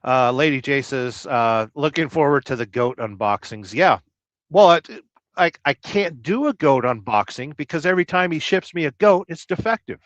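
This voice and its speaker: A man hosting a livestream, chatting casually and reading viewer comments with rambling, deadpan jokes. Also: fairly high pitch, normal speed, no room sound. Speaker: livestream host. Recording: dull lo-fi dry sound.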